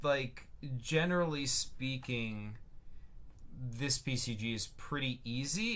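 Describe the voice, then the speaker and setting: A man's voice: mid-range voice, a bit bright. A man casually talking through his own game on a livestream, reading out his notes and answering chat, with many fillers. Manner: rambling, lots of fillers, reads chat aloud. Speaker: streamer showing his game.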